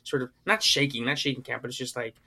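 A man's voice: medium pitch, quick pace, pushed and bright. A young man co-hosting a podcast, rambling in casual chat with lots of fillers and acted-out movie quotes. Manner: rambling, filler-heavy, acts out movie lines. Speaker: podcast co-host.

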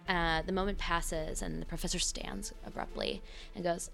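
A woman narrating a tabletop game scene as game master, relaxed and filled with ums and uhs. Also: on the low side, moderate pace, creaky, hardly any pauses, faint music behind.

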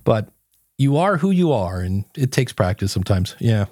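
A man's voice: fairly low pitch, big pitch swings, normal speed, a little mellow, dry recording, studio quality. A man guesting on a podcast, telling stories in a casual chat and acting out his own quotes.

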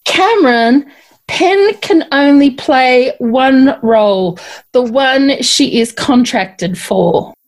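A woman's voice: sits high, expressive, slow pace. A woman playing a hesitant stage manager trying to keep a rehearsal in order. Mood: flustered.

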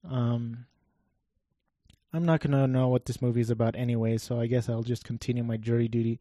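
Monotone man with a dark, dry voice. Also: medium pitch, fairly quick, dry recording. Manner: rambling, wry, swears offhandedly. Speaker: gameplay commentator. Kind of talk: casual gameplay commentary.

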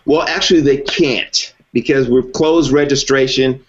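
A man guesting on an interview, speaking at a mid-range pitch. He talks in a measured, easygoing way, leaning on "you know" as he explains. The recording is dull and lo-fi. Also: fairly even intonation. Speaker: guest, former reality race contestant. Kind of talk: conversational interview.

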